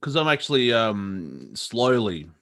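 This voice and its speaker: A man's voice: lowish voice, sing-song, measured pace, creaky, a bit bright. Man, comedy co-host, casual banter, frequent laughs, rambling delivery. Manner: laughs often, rambling with restarts.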